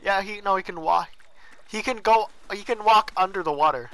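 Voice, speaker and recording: Young man, high raspy voice, swearing gamer. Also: normal speed, low-quality recording. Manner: swearing, laughing, loud outbursts. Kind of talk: casual gameplay chat.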